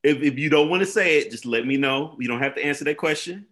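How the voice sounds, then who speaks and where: A man hosting a casual interview who asks his questions carefully and gently. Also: on the high side, fast talker. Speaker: host.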